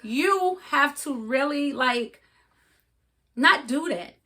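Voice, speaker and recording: Woman co-host, high bright voice, earnest motivational talk, laughs easily. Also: expressive, takes it slowly. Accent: regional accent. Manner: earnest, coaching, laughs often. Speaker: podcast co-host. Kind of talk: casual motivational chat.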